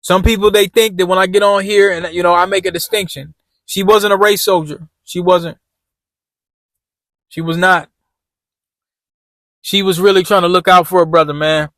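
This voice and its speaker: A man's voice: high voice, fairly even intonation, moderate pace, pauses often, a bit bright, no echo. A man vlogging from his car, giving job-interview tips in loose, repetitive slang and talking to his viewers as y'all. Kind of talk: casual talk while driving.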